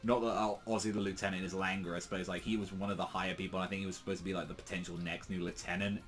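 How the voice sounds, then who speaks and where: A man's voice: low voice, flat delivery, rapid-fire. A man casually recapping a manga chapter, rambling with many fillers and some crude asides. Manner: rambling, heavy use of fillers, profane asides. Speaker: manga reviewer.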